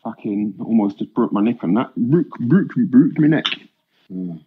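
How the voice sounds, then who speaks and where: A young man, talking slowly in a husky voice. He banters on a live stream in heavy slang and repeats himself, with sing-song asides. The audio is dull and lo-fi. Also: medium pitch, lively intonation. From Britain.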